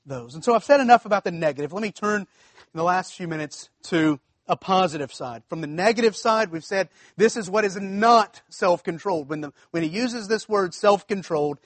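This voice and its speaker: A man's voice: sits high, animated, fairly quick, a bit bright, dry recording. A man preaching a sermon in a conversational way, repeating himself and checking that the congregation follows. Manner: conversational preaching, repeats phrases, asks congregation if it makes sense. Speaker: pastor.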